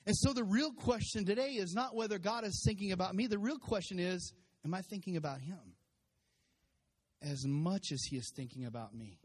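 Guy pastor preaching, high-ish voice, long reverb in the church hall, emphatic and repetitive. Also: moderate pace, husky. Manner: emphatic preaching with laughter and repeated refrains. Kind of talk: sermon. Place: church sanctuary with congregation.

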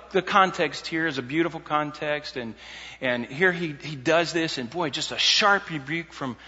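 A man preaching an expository sermon, conversational with emphatic climaxes and many restarts. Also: a little high. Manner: emphatic, rising to near shouts on key points. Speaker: pastor. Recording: dull audio with long hall reverb.

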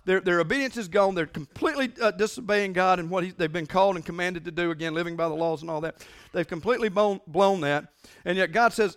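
A man preaching a sermon as pastor, emphatic and repetitive, swinging between loud declarations and hushed lines. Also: sits high, brisk.

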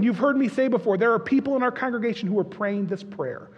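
A man's voice: extremely high pitch, fast talker, few pauses, slightly rough. A man preaching a sermon as a pastor, telling stories in an earnest, conversational way with frequent restarts. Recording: dull lo-fi recording in a reverberant hall.

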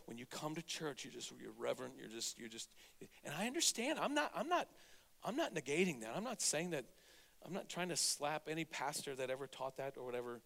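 A man preaching a sermon as pastor, getting over a cold, energetic and exhorting, swinging from loud to hushed. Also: on the high side, vocal fry, long reverb tail. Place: church sanctuary.

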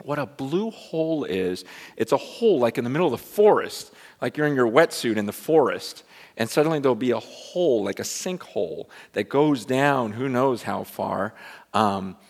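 A man in his forties, a pastor telling a lively personal story in a sermon, rising to excitement and dropping to hushed, prayerful tones. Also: medium pitch, normal speed, long reverb tail. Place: large church hall with a congregation.

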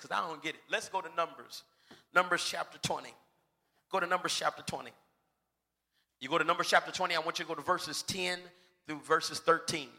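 A man preaching a lively sermon, acting out the voices of bible characters and shouting for emphasis. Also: fairly high pitch. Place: church sanctuary. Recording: reverberant church hall.

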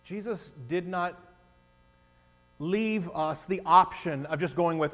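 In a church sanctuary, an unhurried pastor delivers a sermon to his congregation, his voice sitting high for a man. He shifts between loud, emphatic declarations and quiet, confiding asides. A large hall's long reverb surrounds him, over a faint electrical hum.

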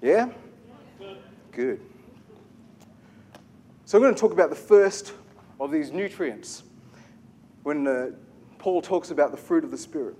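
A man preaching a sermon as pastor, animated, asking the congregation questions and repeating key phrases. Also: fairly high pitch, a little slow, long pauses.

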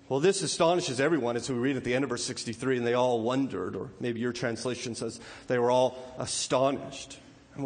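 High-voiced preacher in an echoing hall. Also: male voice, a little fast. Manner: conversational, repeats words, acts out villagers' voices. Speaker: pastor. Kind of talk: sermon.

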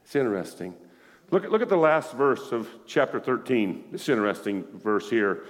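A man preaching a sermon in a lively way, calling out to his congregation as he reads and explains scripture. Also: medium pitch, moderate pace. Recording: echoey hall with long reverb.

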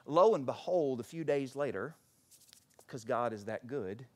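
A middle-aged man preaching a sermon as pastor. He moves between fervent, near-shouted passages and quiet, intimate storytelling, and acts out voices when he quotes others. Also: medium pitch, expressive, measured pace.

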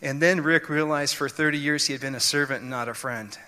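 A man preaching with a bright, cutting voice, working through scripture with earnest explanations and frequent restarts. His words ring out in a long, hanging reverb. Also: a little high, brisk. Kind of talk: sermon.

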